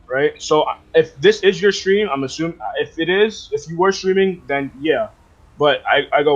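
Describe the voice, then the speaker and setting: A man's voice: a little high, steady tone, moderate pace, highs cut off. A man in casual voice chat, rambling as he retells a conversation, full of fillers and restarts. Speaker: roleplay server player.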